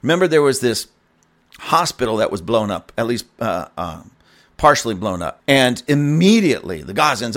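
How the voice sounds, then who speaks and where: A man's voice: mid-range voice, very animated, normal speed, a bit bright. A man, a church pastor, giving casual spoken commentary in an emphatic, repetitive way, with scornful laughs.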